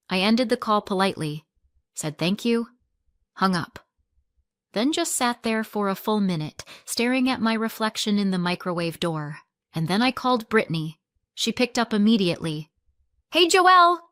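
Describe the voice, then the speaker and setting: A woman narrating a family story in the first person, restrained and wounded, often flat. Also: medium pitch, normal speed, long pauses, no echo, studio quality.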